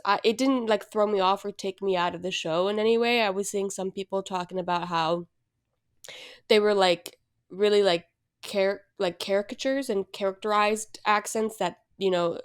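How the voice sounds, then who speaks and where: A woman's voice: medium pitch, clean tone. A young woman co-hosting a casual podcast, rambling with lots of fillers and self-deprecating asides. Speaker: podcast co-host. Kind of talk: casual chat.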